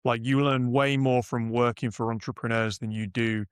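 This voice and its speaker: A man's voice: mid-range voice, steady tone, moderate pace, smooth, dry recording, studio quality. A middle-aged British man, a podcast guest, telling business anecdotes in a casual, rambling way with frequent restarts. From United Kingdom. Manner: rambling, self-correcting anecdotes. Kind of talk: casual interview storytelling.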